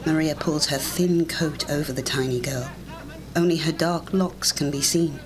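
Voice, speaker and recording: An audiobook narrator giving a measured, deliberate reading of a scripted story. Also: medium pitch, fairly even intonation, crowd noise.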